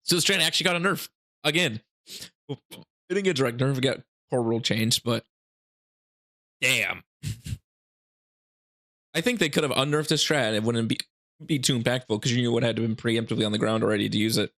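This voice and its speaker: A man's voice: medium pitch, fairly quick, long pauses, sharp tone. A man hosting a gaming channel, casually talking through game rules with hiccups, rambling with laughing asides and frequent restarts. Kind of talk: casual rules breakdown commentary.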